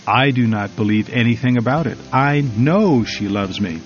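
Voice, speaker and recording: A man's voice: medium pitch, normal speed, lightly acted. A man voicing a despairing young man bound by a bad habit, weary and doubting. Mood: weary bitter. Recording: slightly dull recording, faint music.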